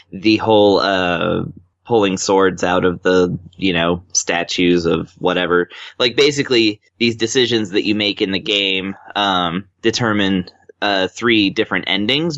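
A man's voice: low-pitched, fairly bright tone, no echo, lo-fi sound. A man chatting as a podcast guest, rambling with lots of ums and uhs. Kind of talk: casual chat.

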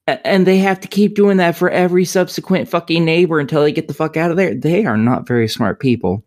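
A woman's voice: lowish voice, quick pace, few pauses, a little mellow. A woman co-hosting a podcast, reviewing a video game in casual chat with a rambling, profane, sardonic way of talking.

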